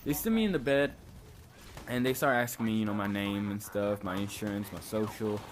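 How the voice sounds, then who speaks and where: A young vlogger tells a story in a laid-back, casual way, peppering it with "like" and swearing freely. His voice is fairly low and fairly quick, with faint background noise.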